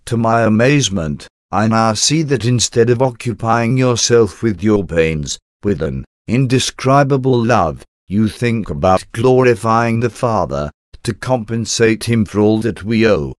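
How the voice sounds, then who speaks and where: A man's voice: lowish voice, animated, a little slow, few pauses, dry recording, studio quality. A man reading a devotional meditation aloud as a solemn, intimate prayer addressed to Jesus. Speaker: devotional reader.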